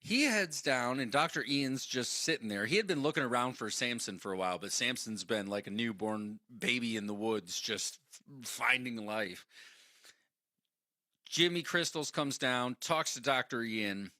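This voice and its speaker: A man co-hosting a podcast, excitedly retelling a movie plot and acting out the characters' lines. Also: medium pitch, moderate pace, dry recording, clean studio sound. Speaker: podcast co-host. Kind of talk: casual movie recap chat.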